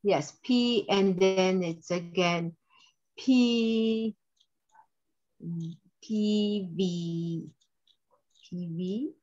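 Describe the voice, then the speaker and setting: A woman student reading haltingly and very slowly. The call audio sounds dull and lo-fi. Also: mid-range voice, mellow.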